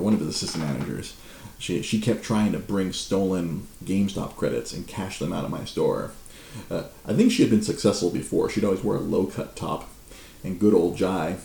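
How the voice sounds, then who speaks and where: A man's voice: low-pitched, vocal fry, echoey room, slight background noise. A man streaming, casually telling a rambling story to his live chat with many restarts. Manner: rambling, frequent restarts, laughs, lively.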